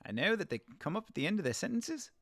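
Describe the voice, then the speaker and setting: Casual male host, slightly high voice, sarcastic and salty, dry close mic, live watch-along. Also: quick pace, no room sound. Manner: animated, profane, sarcastic, laughs often. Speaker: show host.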